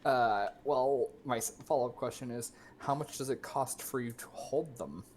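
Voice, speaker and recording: A player at a tabletop game asks pointed follow-up questions in a casual, literal-minded way. The voice sits in a middle pitch. A faint hiss of noise sits behind it. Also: moderate pace, a little mellow.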